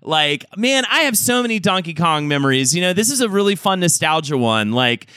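A man co-hosting a podcast, chatting casually in an animated, rambling, joking way into a close mic. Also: a little high, fairly quick, smooth, no echo. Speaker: podcast co-host. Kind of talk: casual comedic chat.

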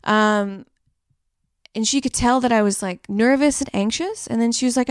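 Bright-voiced woman co-hosting a casual chat. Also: a little high, moderate pace, clean tone, no echo, studio quality. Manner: rambling, laughing, swearing casually. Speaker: podcast co-host.

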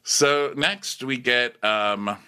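A man hosting a casual comedy podcast, recapping a reality show and often jumping into high mocking impressions of its cast. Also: drawn-out words, clean tone. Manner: animated, slips into high mocking impressions of the people discussed. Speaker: podcast host.

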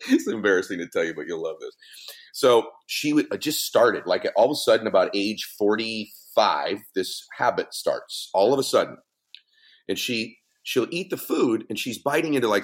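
Middle-aged man, podcast guest, emphatic storyteller with a very lively voice. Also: fairly low pitch. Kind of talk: animated storytelling.

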